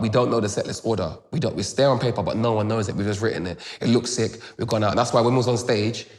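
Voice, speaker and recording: A young man with a London accent, telling a story in a casual interview with rapid, animated retelling full of "boom" and "da da" fillers. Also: long reverb tail. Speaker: grime MC, interview guest.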